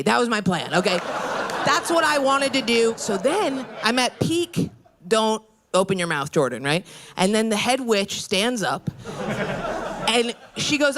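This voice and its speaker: A young woman from upstate New York performing a brash stand-up comedy set on a club stage, jumping into loud, high shouted bits. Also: animated, normal speed. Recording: live club recording with crowd noise. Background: audience laughter and applause.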